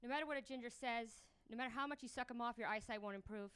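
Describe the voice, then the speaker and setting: A woman's voice: fairly high pitch, fast talker, a bit bright, smooth. A young woman doing a crude, brash stand-up comedy set on stage before a live audience. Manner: crude, brash punchlines with big vocal jumps.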